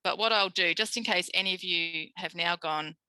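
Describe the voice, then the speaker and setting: An Australian woman, a speech pathologist, giving a recorded tutorial lecture in a lively way, acting out quoted voices. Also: lowish voice, normal speed, smooth, no echo, low-quality recording. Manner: animated, acts out quoted voices.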